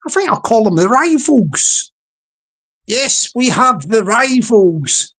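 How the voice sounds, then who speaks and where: Woman, livestream host, slow rambling chatter, slightly high voice. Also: sing-song, a bit bright. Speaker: live streamer. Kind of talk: casual livestream chat.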